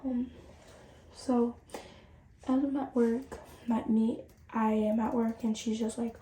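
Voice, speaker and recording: A woman's voice: a little high, a little slow, long pauses. Chatty teen girl in a roomy bathroom. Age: late teens. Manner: chatty, animated, addresses viewers directly. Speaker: vlogger. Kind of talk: casual storytime chat. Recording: roomy and distant from the mic.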